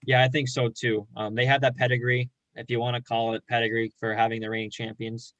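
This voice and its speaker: A man's voice: mid-range voice, little pitch movement, brisk, a bit bright, no echo, dull audio. Confident guy giving picks. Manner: confident, opinionated picks with sports slang. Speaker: co-host. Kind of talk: casual sports chat.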